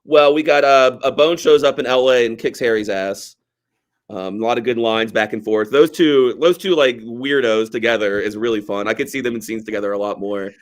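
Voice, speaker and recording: A man's voice: medium pitch, a little fast. A man co-hosting a movie podcast, chatting casually and loosely, with lots of fillers. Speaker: podcast co-host. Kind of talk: casual chat about a movie.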